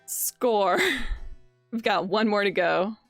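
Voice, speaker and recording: A woman's voice: medium pitch, takes it slowly, soft background music. A woman doing casual gameplay commentary, wryly reading game text aloud. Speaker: game streamer.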